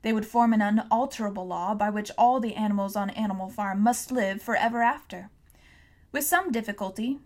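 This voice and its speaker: A woman reading a classic novel aloud as audiobook narrator, telling the story steadily and clearly. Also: mid-range voice, darkish tone. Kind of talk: scripted narration.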